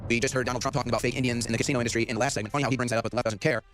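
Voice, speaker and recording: Rapid-fire sarcastic male show host. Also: medium pitch, soft background music. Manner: excited, sarcastic, acts out quotes. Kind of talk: talk-show commentary.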